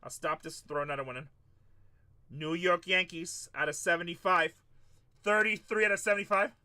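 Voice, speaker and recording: A man runs a live card break stream at a moderate pace, hyped as he calls out each player pulled and chats with viewers in between. His high voice sounds very bright and forceful.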